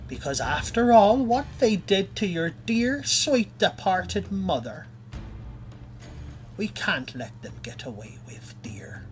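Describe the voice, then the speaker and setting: A man's voice: high voice, very animated, takes it slowly, hardly any pauses, faint music behind, voice pushed up, full character voice. A man voicing a scheming old hag aunt who mocks and threatens, slipping into whispers. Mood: menacing. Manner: sly, mocking, drops to whispers. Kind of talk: tabletop game role-play.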